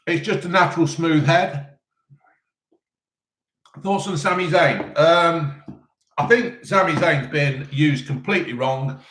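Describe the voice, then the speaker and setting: A man's voice: fairly high pitch, slow, pauses often, a bit bright. A man chatting casually on a live stream, eating and answering chat questions in a rambling way full of ums. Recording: roomy echo.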